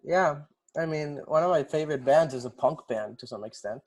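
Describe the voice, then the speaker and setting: A man's voice: on the high side, a little fast, a little mellow. A young man co-hosting a podcast in casual chat, laid-back and teasing. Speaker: podcast co-host.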